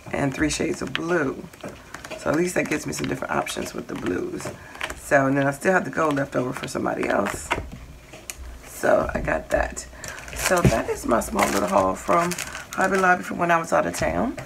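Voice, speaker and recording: A middle-aged woman with a low-pitched voice and vocal fry hosts a casual crafting haul vlog for her channel. She chats in a rambling way, listing her finds with lots of fillers, over a noisy background.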